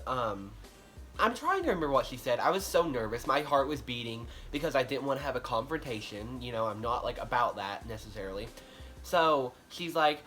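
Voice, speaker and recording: A man tells a personal storytime vlog in an animated, rambling way. His pitch sits in an ordinary middle range. He stacks up likes and ums, and faint music plays under his voice. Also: moderate pace. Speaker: vlogger. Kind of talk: casual storytime monologue.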